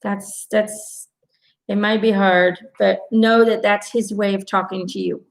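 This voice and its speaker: Chatty woman with a gravelly edge. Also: mid-range voice, unhurried, low-quality recording. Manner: chatty, animated storytelling with quoted asides; reassuring, addresses viewers directly. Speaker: intuitive card reader. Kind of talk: live-stream angel card reading.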